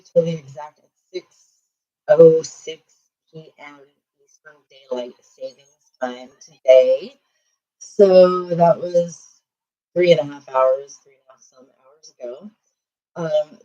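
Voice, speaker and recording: A woman with a slightly low voice runs a live-streamed collective card reading. She talks softly and meanders with many fillers. Now and then she chants a short prayer in a steady rhythm. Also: normal speed, muffled recording. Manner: soft, meandering, with frequent fillers; rhythmic chanting prayer while shuffling cards. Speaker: intuitive tarot reader and healer.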